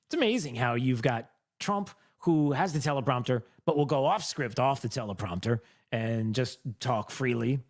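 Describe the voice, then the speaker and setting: A man hosts a political commentary show in a sarcastic, mocking tone. His voice is animated and swings widely in pitch as he talks into the mic. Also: moderate pace, hardly any pauses.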